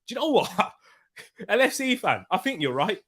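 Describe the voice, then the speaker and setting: In a casual live-stream chat for a football watchalong, a young male host banters with viewers, laughs frequently and reads the chat comments aloud. His voice sits high and sounds very animated and fairly bright, at a moderate pace.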